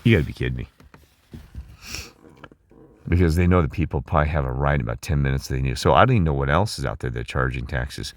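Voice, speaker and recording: A man's voice: very deep voice, animated, fast, long pauses, no room sound. A middle-aged man talking in a rambling, emphatic monologue, asking listeners questions and restarting his sentences. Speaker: channel host.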